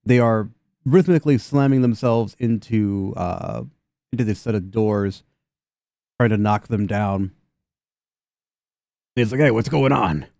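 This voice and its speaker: A young man narrating a tabletop game as game master, rambling casually and filling pauses with "like". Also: lowish voice, warm tone, no echo, clean studio sound. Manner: loose, rambling narration with many fillers.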